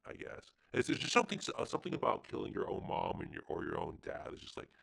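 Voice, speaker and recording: A man's voice: quick pace, fairly bright tone, poor audio. A man co-hosting a podcast, chatting about films in a hesitant, crude, offhand way. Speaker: podcast co-host. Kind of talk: casual film discussion.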